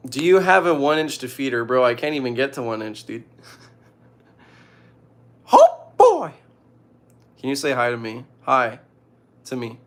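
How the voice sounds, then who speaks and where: A young man casually reading out viewer questions and giving joking, deadpan advice. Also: medium pitch. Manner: reads questions aloud, jokey deadpan answers. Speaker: streamer answering viewer questions.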